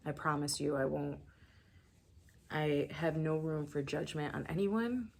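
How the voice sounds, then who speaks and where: Low-voiced emotional woman spiritual reader. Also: fairly even intonation, unhurried, vocal fry, darkish tone. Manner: emotional, casual, swearing, speaks to viewers as collective. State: emotional, near tears. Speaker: tarot reader. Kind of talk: spiritual reading to camera.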